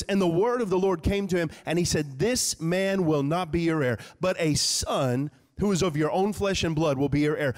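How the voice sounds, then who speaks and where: A male pastor preaching a live sermon in a church, talking conversationally and acting out prayers as quoted speech. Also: high voice. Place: church sanctuary. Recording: live church hall reverb.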